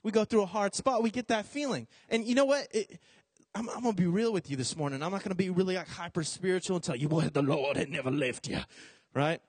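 High-voiced joking young preacher. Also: male voice, fast talker, breathy edge, no echo. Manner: animated, jokey, acts out voices in quotes. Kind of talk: casual storytelling sermon.

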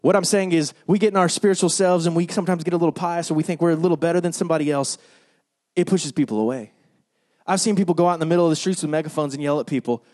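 A man preaching a sermon in a punchy, sarcastic way, swinging between loud bursts and hushed lines. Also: high voice, fast talker.

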